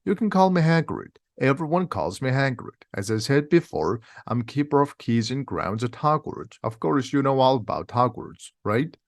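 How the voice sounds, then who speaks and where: A huge, gentle bearded giant from a storybook , voiced by a male reader. He booms with blunt, indignant warmth, his voice lifted and animated. The sound is dry and close to the mic. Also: normal speed, few pauses, no echo. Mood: friendly.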